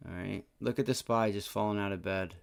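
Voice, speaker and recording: His lowish voice is gravelly and steady, and he speaks fairly quickly while hosting a live day trading stream. He thinks aloud over charts, mentions an aching back, and curses in frustrated outbursts when trades fail.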